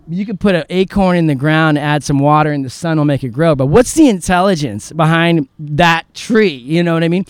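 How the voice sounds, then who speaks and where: A man from San Diego, a guest in an outdoor interview, telling his story in an animated, profane way and acting out the lines of the people in it. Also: fairly high pitch, smooth, dry recording. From San Diego, California. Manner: animated, profane, acts out quoted dialogue.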